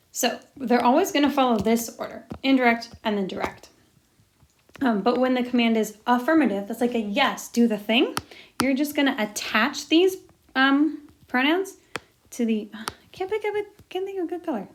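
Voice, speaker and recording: A young woman teaches a recorded lesson in a chatty, jokey way. Her voice sits a little high, and she mutters quiet asides to herself as she writes. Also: slight background noise. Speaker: Spanish teacher.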